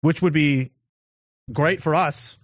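A man from Canada with a voice on the high side talks slowly through a rambling political commentary, restarting often and asking rhetorical questions. The lo-fi recording is dull and dry, without echo.

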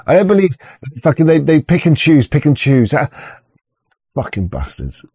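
Guy ranting and swearing, stops and restarts a lot, slightly high voice, dead dry sound. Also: wildly swooping pitch, normal speed, mellow, breathy edge, dry recording. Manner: rambling, swearing, frequent restarts, mock voices. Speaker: streamer reacting to a video. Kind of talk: profane ranting commentary. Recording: dull lo-fi sound.

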